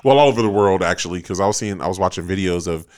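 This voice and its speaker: A man hosts a casual podcast chat from a studio, agreeable and talkative. His voice sits a bit low, and he swears freely as he talks. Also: racing, darkish tone. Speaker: podcast host.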